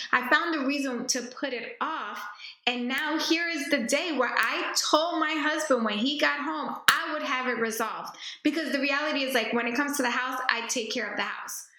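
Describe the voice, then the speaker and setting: A woman's voice: fairly high pitch, bright, forceful tone. A woman podcast host telling a personal story in a candid, reflective way, often addressing herself by name. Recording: roomy echo.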